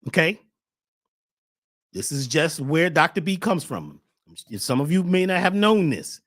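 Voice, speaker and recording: A man hosting a spiritual talk show, preaching with fire, shouting at times and then dropping to a hush. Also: a little high, sing-song, measured pace. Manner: preachy, swings from shouting to hushed. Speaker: host.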